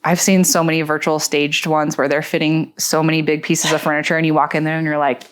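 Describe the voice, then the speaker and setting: Laughing woman realtor, quick answers. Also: low-pitched, level tone. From Colorado. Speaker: realtor guest. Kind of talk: casual podcast interview.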